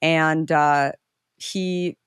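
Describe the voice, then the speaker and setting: A woman's voice: extremely slow, clean tone, dry recording, studio quality. A middle-aged woman, a guest entrepreneur, telling a story in casual conversation and acting out the people she quotes. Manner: animated, acts out quoted voices with pitch leaps.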